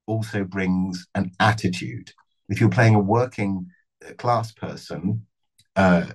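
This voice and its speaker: Husky low-voiced male actor reflecting. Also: low-quality recording. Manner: thoughtful, measured, with frequent restarts and fillers. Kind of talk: reflective interview answers.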